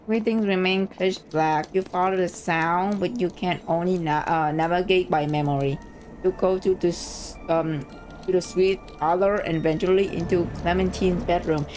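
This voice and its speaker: A woman streamer reading a story game aloud, reacting excitedly and swearing freely between lines. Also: fairly low pitch, normal speed, faint music behind.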